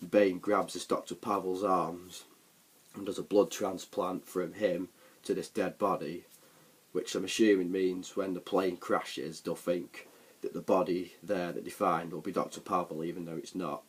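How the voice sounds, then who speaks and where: A man's voice: low voice, level tone, measured pace, slightly rough. A man giving a casual, rambling film recap for a vlog, with frequent fillers and restarts. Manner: rambling, full of ums and restarts. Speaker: film reviewer.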